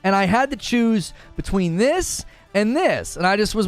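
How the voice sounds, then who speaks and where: Male streamer, high lively voice, jokey and loud, faint music under. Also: measured pace. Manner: animated, jokey, often yelling. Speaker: live stream host. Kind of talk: casual live stream chat.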